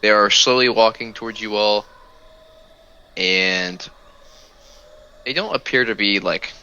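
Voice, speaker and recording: Male game master, crisp, forceful tone, steady descriptive narration; dull, muffled recording. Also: fairly low pitch, measured pace.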